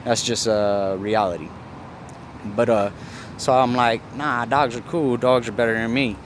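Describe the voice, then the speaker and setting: A man's voice: fairly even intonation, a little slow, slight background noise. Rambling man telling stories outdoors. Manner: rambling, self-correcting, swears freely; acts out other people's lines in a higher voice. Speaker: vlogger. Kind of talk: casual storytelling.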